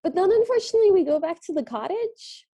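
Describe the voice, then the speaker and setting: A woman's voice: very high-pitched, expressive, quick pace, dark tone. A woman co-hosting a podcast, chatting casually as she recaps a film and acts out lines from it. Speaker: podcast co-host. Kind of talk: casual movie recap chat.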